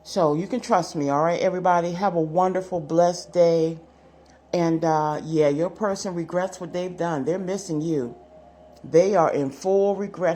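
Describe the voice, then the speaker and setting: A woman's voice: fairly low pitch, unhurried, darkish tone, slight background noise. A woman doing a casual general tarot reading to camera, chatty and self-assured, often repeating her phrases. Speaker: tarot card reader.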